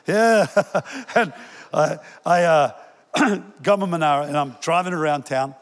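A man's voice: on the high side, unhurried, long reverb tail. An older male pastor giving a sermon in a conversational way, joking with the congregation and telling stories. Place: church hall.

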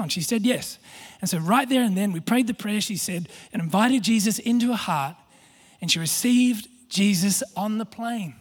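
A man preaching, his voice sitting very high and sounding husky. He tells a story with self-mocking humour, stumbles over his words and restarts often, and the congregation laughs along. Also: moderate pace. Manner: storytelling with self-deprecating humor, frequent restarts. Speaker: pastor. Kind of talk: sermon.

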